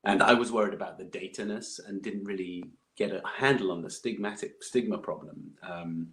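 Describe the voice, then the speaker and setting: A man talks as a podcast guest. His voice sits low, and he rambles through memories with plenty of fillers and restarts. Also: normal speed, fairly bright tone. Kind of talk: casual interview chat.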